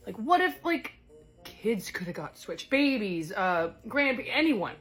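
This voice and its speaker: A woman's medium-pitched voice, sing-song and slightly bright with a breathy edge, moves unhurriedly over faint music in full character voice. She improvises alone as a chatty, scattered but caring goddess stranded in another world, rambling with fillers and correcting herself often.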